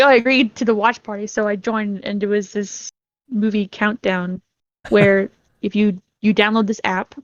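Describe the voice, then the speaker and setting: A woman's voice: medium pitch, dry recording, dull audio. A woman chatting casually as a podcast guest, rambling and laughing while she tells stories. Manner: rambling, giggly, acts out her own reactions. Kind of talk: casual chat.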